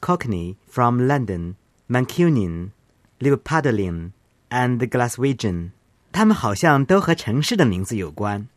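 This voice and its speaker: A man's voice: mid-range voice, sing-song, unhurried, no echo. A man co-presenting a language programme, asking curious questions and summing up for learners. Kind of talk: scripted educational presenting.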